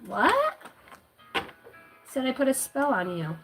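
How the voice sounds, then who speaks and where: A woman who works as a tarot reader and medium, rambling through a casual livestream chat with lively storytelling and frequent swearing. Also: high-pitched, slow pace, loud music behind the voice, poor audio.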